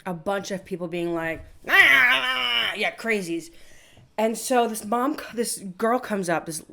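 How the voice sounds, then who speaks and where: A woman's voice: medium pitch, normal speed. A young woman co-hosting a comedy podcast, telling stories in casual chat with lots of laughing and filler words. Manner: giggly, laughs often, many fillers. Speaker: podcast co-host.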